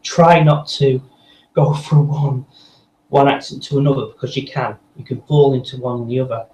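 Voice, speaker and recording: A man's voice: medium pitch, flat delivery, normal speed, a little mellow. A man, a voice actor chatting loosely in an interview, rambling with restarts. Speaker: voice actor guest. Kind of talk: casual interview chat. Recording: echoey room with faint noise.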